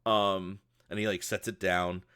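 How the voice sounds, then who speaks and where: A man's voice: deep voice, flat delivery, measured pace, bright, forceful tone, smooth. A man narrating as game master in a casual, rambling way with lots of fillers.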